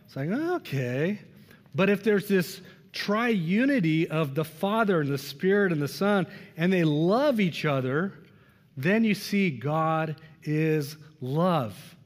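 A man preaching a sermon in an earnest way, moving from strong emphasis to hushed, quiet lines. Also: a little high, animated, takes it slowly. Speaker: pastor. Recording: long reverb of a large room.

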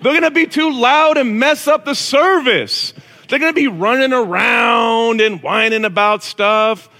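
A man voicing exasperated male disciples who shoo children away, in a whiny, high, loud voice. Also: unhurried, full character voice. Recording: long reverb of a large hall.

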